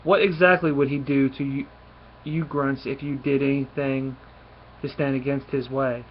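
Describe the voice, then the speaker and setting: A man's voice: mid-range voice, flat delivery, moderate pace, slight background noise, close to an everyday voice. A man reading out the lines of a brash young male space outlaw prince making a cocky public speech, in his own voice. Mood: defiant. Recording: dull lo-fi recording.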